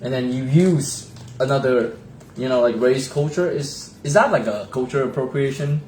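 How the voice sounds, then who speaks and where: A man's voice: medium pitch, moderate pace, a little mellow. A man co-hosting a casual chat, hesitant and searching for his words. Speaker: co-host. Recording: echoey room with faint hiss.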